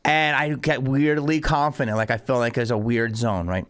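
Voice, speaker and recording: A man's voice: mid-range voice, moderate pace, clean tone. A male comedian, a podcast guest, telling stories in casual chat and acting out the people in them. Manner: animated, storytelling with acted-out quotes.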